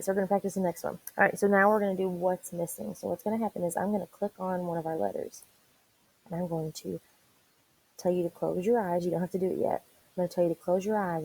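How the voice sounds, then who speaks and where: A woman teacher leading an online reading lesson for young children, spelling words out slowly and encouraging them. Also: fairly low pitch, gravelly, darkish tone, slightly rough, rough recording. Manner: encouraging, slow and deliberate spelling aloud.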